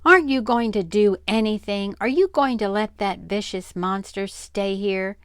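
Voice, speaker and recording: An older woman voicing a fearful little girl who shrieks and wails in a high, pleading voice. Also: normal speed, clear, resonant tone, no room sound, lightly acted. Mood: terrified. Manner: shrieking, wailing, high-pitched.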